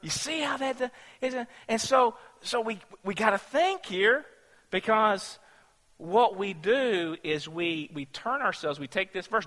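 Guy preaching, higher voice, keeps asking the room questions, lots of restarts, sound rings in a big hall. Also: expressive, unhurried, sharp tone. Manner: conversational, asks the congregation questions, many restarts. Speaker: pastor. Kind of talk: sermon.

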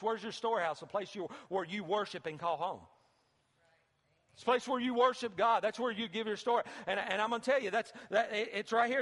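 A man's voice: very high-pitched, fairly bright tone, big-room sound. A man preaching a sermon as pastor in a church sanctuary, talking in a conversational way with repeated phrases and sudden emphatic bursts.

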